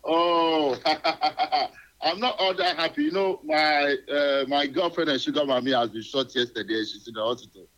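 A man's voice: a little high, lively intonation, fairly bright tone. Caller guy on the radio phone line, cheerful, rambles, lots of uhs. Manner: rambling, cheerful, halting with fillers.

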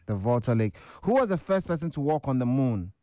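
A man's voice: mid-range voice, sing-song, fairly quick, mellow, no room sound, clean studio sound. A man with a Ghanaian accent hosting a casual, upbeat call-in quiz on the radio. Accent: Ghanaian English. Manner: casual, upbeat, chatty with callers.

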